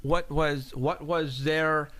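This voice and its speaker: A male host in casual chat, asking his guest questions in halting, restarting phrases and turning to the viewers. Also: on the high side, fairly even intonation, sharp tone.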